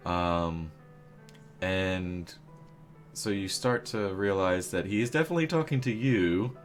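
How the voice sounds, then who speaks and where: A man's voice: sits low, measured pace, soft background music. A man narrating as game master in a tabletop game, rambling with many fillers and jokey asides.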